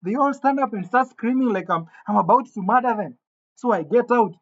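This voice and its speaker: Brief: animated male storyteller, husky, muffled lo-fi sound. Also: extremely high pitch, brisk. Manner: animated, indignant, stumbling restarts. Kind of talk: comic storytelling. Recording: dull lo-fi recording.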